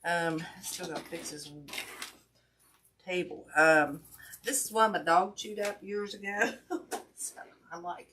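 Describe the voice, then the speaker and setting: A woman's voice: lowish voice, fairly even intonation, takes it slowly, long pauses, fairly bright tone. A woman hosting a casual craft livestream from home, chatty and apologetic, greeting viewers by name and a little out of breath. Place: indoor home craft room. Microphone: camera mic at a distance. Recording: distant mic with audible background noise.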